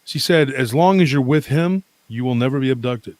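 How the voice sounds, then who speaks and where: Man, podcast guest, middle pitch, rambling storyteller, dry close sound. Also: normal speed, no room sound. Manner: rambling, animated, lots of fillers and restarts.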